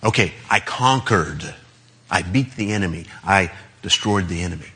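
A man's voice: low-pitched, lively intonation, moderate pace, fairly bright tone, a little hiss or hum. A man preaching a sermon in a loose, conversational way, with chuckles as he talks.

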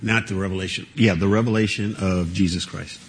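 A man's voice: low-pitched, fairly even intonation, brisk, a little hiss or hum. A man teaching a Bible study to a small group, talking conversationally with frequent fillers and laughs and asking the group questions.

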